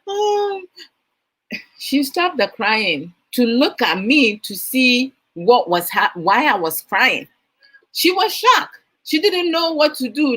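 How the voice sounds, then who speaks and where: Her voice runs on the high side, pushed and bright, on a rough recording. The host, a woman probably in her thirties with a Ghanaian accent, leads a motivational talk, asking listeners questions and weaving in Twi phrases.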